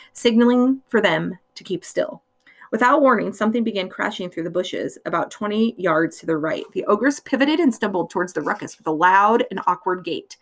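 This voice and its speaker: A woman reading a fantasy novel aloud, telling it expressively with frequent lifts in her voice. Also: medium pitch. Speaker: reader.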